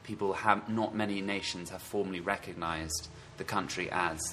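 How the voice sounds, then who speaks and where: This is a man with a slightly posh southeastern English accent from London, talking in a loose, rambling way full of ums and restarts. His voice sits fairly low. There is a faint hiss of noise behind him. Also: fairly even intonation, moderate pace. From England. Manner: chatty, rambling with frequent ums and self-corrections. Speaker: podcast co-host. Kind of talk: casual chat.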